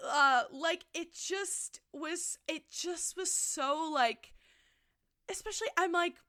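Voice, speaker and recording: A woman's voice: extremely high pitch, slow, sharp tone, dry recording. A young woman co-hosting a casual book podcast, talking emotionally with lots of "like", close on a popping mic, tearful. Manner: emotional, filler-heavy with frequent "like". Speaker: podcast co-host. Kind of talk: casual book discussion chat. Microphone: close studio mic with pops.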